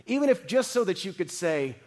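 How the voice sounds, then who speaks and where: A man preaching a sermon, reading scripture dramatically and swinging from loud, emphatic lines to hushed ones. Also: sits high, big pitch swings, brisk. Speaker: pastor.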